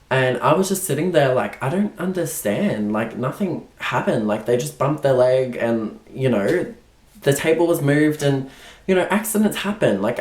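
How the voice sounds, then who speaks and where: A young man tells a story in a loose, chatty way, filling his talk with "like" and acting out the people in it. His voice sits at an ordinary middle pitch, and the room around him gives it a roomy echo. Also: darkish tone. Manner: chatty, heavy on "like", acts out quoted people. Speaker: vlogger. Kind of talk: storytime vlog.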